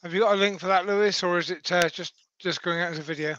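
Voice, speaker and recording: A man's voice: high-pitched, fairly even intonation, fast talker, a bit bright, highs cut off, slight background noise. A man co-hosting a live stream, cheerfully reading out viewer comments in casual chat.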